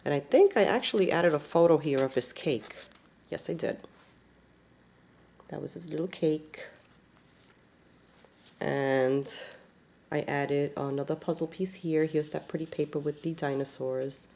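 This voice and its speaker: A woman's voice: sits low, measured pace, creaky, long pauses, darkish tone. A woman casually showing and describing a handmade scrapbook album, chatty and rambling with many fillers. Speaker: scrapbook crafter. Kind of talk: casual show-and-tell.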